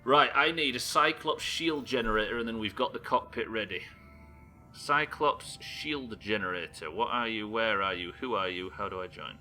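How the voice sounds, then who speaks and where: A man's voice: on the low side, a little fast, few pauses, sharp tone, soft background music. Sweary man streaming a game. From Britain. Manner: sweary, chatty, reading chat aloud. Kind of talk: live gameplay commentary.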